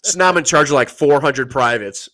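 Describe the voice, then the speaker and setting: A man's voice: medium pitch, brisk. A man, a podcast guest, telling casual, profane stories about his military service and acting out the people he quotes. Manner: profane, animated storytelling with acted-out quotes. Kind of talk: casual storytelling.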